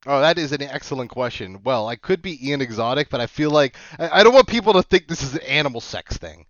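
A man chatting casually as a podcast guest, who slips into a loud showman's accent for a joke. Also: medium pitch, lively intonation, fast talker, dry recording, dull audio. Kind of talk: casual chat.

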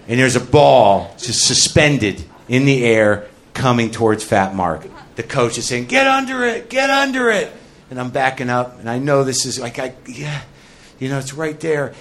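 A male stand-up comedian working through a confessional bit. His pitch sits in the ordinary middle range for a man. He rambles, mocks himself and keeps jumping into loud shouted mini-characters. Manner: rambling, self-deprecating confessional storytelling.

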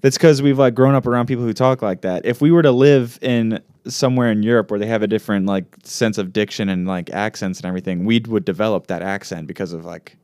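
A young man with a Southern US accent, chatting in a talkative, animated way and acting out movie lines. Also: on the low side, dry recording, clean studio sound. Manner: talkative, animated, quick to act out lines from scenes. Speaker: podcast co-host. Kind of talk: casual chat.

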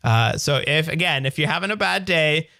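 A man's voice: a little high, expressive, normal speed, gravelly, bright, forceful tone, no echo, studio quality. A Canadian man in his thirties co-hosting a podcast, explaining things in an upbeat, jokey way with lots of examples. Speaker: podcast co-host. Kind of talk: casual tech chat.

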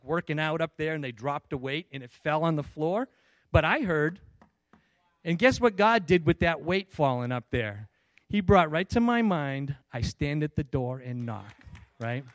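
A man shares his church testimony with emotion, often restarting his sentences and acting out the other people in his story. His voice sits a little higher than most men's, and it sounds dry and close, with no room echo. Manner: emotional storytelling, many restarts, acts out dialogue. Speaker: church member giving testimony. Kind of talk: personal testimony.

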